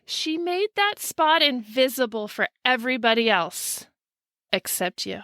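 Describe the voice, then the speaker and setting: A woman co-hosting a podcast, chatting casually with animated, giggly storytelling over a video call. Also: on the high side, a little slow, dry recording, clean studio sound. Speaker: podcast co-host. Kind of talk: casual chat.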